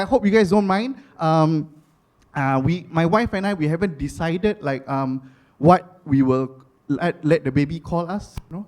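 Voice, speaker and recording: A man in his thirties with a Singaporean English accent, doing chatty stand-up comedy, with many fillers and repeated phrases. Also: high voice. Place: comedy stage before a live audience.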